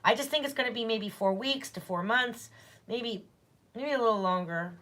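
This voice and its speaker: A woman's voice: fairly high pitch, normal speed, a bit bright. A woman doing a casual livestream tarot reading at home, chatty and reassuring as she talks straight to her viewers.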